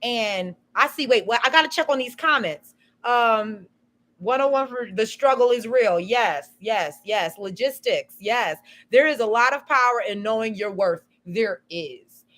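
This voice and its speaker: Woman, fairly high voice, casual live-stream talk, rambling and emphatic. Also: animated, measured pace, a bit bright. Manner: rambling storytelling, frequent "you know" and "um".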